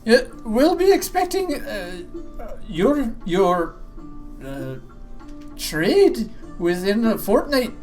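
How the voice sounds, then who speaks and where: A bubbly, stammering male dwarf official tumbles through formalities and thanks, as a woman game master puts him on. The voice is pushed up high and lively. He fills his talk with "uh," "aye" and "lass.". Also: takes it slowly, long pauses, soft background music. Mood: overjoyed.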